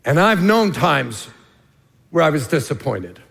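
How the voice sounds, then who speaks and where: A man preaching a sermon as lead pastor, earnest and emphatic, dropping to a hushed tone for key points. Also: on the high side, sing-song, a little slow, creaky. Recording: long reverb of a large hall.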